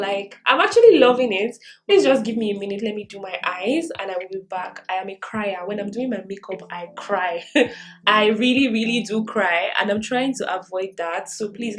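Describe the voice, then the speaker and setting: A young woman in her twenties, speaking at medium pitch, vlogs while doing her makeup, captured by the camera mic on a rough recording. In this casual get-ready-with-me video she offers earnest, encouraging self-improvement advice and laughs often.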